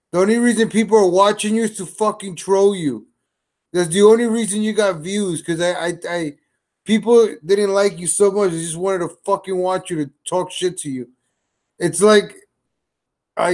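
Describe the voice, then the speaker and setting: Male streamer, high voice, crude mocking reaction commentary. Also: darkish tone. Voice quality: mocking, insulting, swears heavily.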